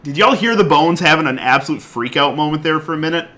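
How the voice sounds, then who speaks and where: A man streaming a card game live, chatting excitedly, laughing often and swinging from loud outbursts to quiet muttering. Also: on the high side, quick pace. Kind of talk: live gameplay commentary.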